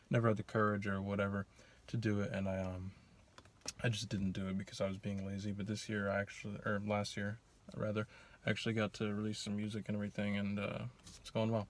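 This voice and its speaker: A teenage boy answers his own questions from inside his car, halting and offhand. His voice is low and flat, with little movement in pitch. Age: teens. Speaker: student vlogger. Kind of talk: casual self-interview.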